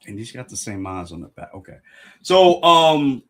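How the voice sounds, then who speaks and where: A young man live-streaming a reaction, talking excitedly, stumbling over words and thanking his chat. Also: mid-range voice, moderate pace. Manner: excitable, restarts and apologizes, addresses chat. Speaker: streamer reacting to a manga chapter.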